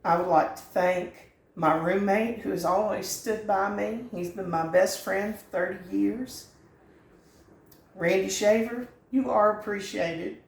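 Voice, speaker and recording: A woman's voice: medium pitch, measured pace, gravelly, roomy sound. A middle-aged woman, hosting a home cooking channel in a folksy, earnest and sentimental chat from her kitchen. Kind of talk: heartfelt direct-to-camera chat.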